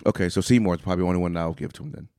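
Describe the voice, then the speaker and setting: A man's voice: low voice, racing, a little mellow, no echo, studio quality. A man co-hosting a casual podcast over beers, blunt and skeptical, often giving short replies. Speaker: podcast co-host.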